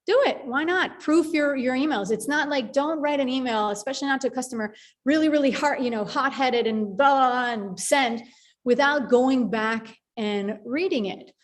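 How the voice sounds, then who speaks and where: A woman hosting a live online group call, talking in a chatty, animated way with many fillers and restarts. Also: sits high, moderate pace. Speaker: call host.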